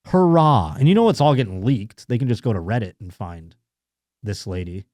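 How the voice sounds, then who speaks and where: A man with a mellow, dark voice hosts a comedy podcast, swinging between reading news items and crude, sarcastic asides. The sound is dry and close, with no room behind him. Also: on the low side, lively intonation, brisk, dry recording. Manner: crude, sarcastic riffing between read-out articles. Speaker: podcast host. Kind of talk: casual comedic chat reading news stories.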